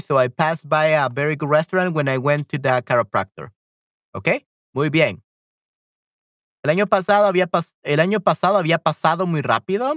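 A woman teaching a live-streamed language lesson, patiently repeating phrases slowly and translating them. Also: low voice, no room sound, studio quality. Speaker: Spanish teacher on a livestream.

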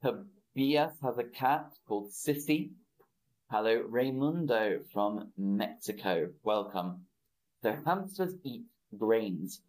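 A man teaching a simple English lesson on a live stream, repeating words slowly and greeting viewers in the chat by name. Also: lowish voice, expressive, a little mellow, rough recording.

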